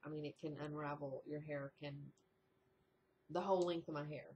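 A woman vlogger chatting casually at home in a rambling video diary, breaking into high, excited exclamations. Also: normal speed. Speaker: diet vlogger. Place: indoors at home.

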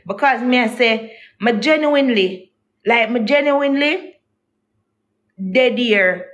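A woman's voice: fairly high pitch, fairly bright tone. A young woman, telling her viewers a heated, indignant story about a partner, repeating herself as she vents. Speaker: vlogger. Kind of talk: emotional storytime rant to viewers.

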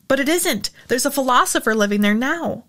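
A woman's voice: high voice, lively intonation, brisk, a bit bright, voice pushed up. A woman reading the part of a frightened fourteen-year-old girl in an audiobook, hesitant and pleading. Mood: insistent. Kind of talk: audiobook character voice.

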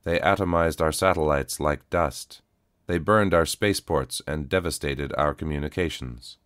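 A man voicing an old, weary male cyborg super soldier in an audio story, with flat, formal, measured speech. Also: extremely low pitch, smooth, dry recording, studio quality. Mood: grim. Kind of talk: audiobook character voice.

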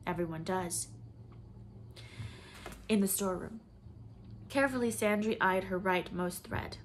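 A woman reading a novel aloud in measured, expressive storybook narration. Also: medium pitch, slight background noise. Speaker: audiobook reader.

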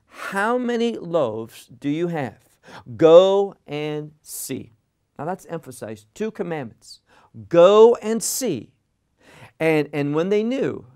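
Slow, emphatic male Bible teacher. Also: medium pitch, smooth. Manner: deliberate, emphatic, repeats words for stress.

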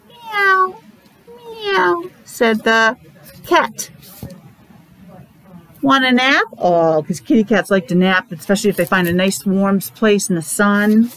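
A woman's voice: mid-range voice, a little slow, low-quality recording. A woman teacher reading a picture book aloud to young children, stopping often to explain the story. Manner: animated storytelling, stops to explain to young listeners.

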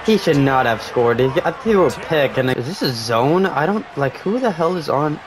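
A young man giving live commentary on his own video game, talking casually, swearing, and yelling at big plays. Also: a little high, lively intonation, normal speed. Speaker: gaming streamer.

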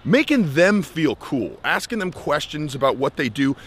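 Animated young American man telling a story. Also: fairly high pitch, moderate pace, slight background noise. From United States. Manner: animated, acts out quoted voices. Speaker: life skills coach. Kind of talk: storytelling vlog advice.

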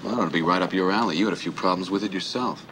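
A man's voice: low-pitched, racing, fairly bright tone, a little hiss or hum. An actor playing a teasing, wisecracking sidekick who needles his older partner. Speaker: judge's sidekick.

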